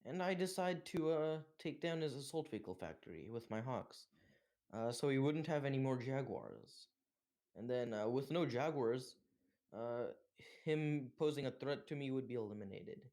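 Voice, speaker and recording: Young male gamer, mid-pitched, casual commentary, filler-heavy. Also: expressive, moderate pace, darkish tone. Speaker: gameplay commentator. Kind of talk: gameplay commentary.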